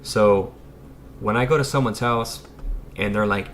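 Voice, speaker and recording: A man's voice: on the low side, measured pace, long pauses, slight background noise. An American man in his thirties, an electrician, chatting casually on a live stream, rambling and talking straight to his viewers. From United States. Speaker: electrician and YouTuber.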